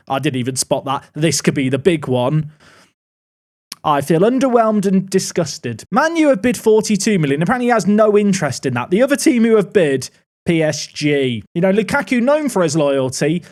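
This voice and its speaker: Lively wry man commenting on gameplay. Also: high voice. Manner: chatty, wry, thinking aloud while playing. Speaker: gaming YouTuber.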